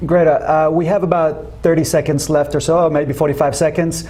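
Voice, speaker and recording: A man hosting a panel discussion, his voice pitched slightly high for a man. He breaks in politely but briskly to move the conversation along. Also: little pitch movement, dark tone. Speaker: show host.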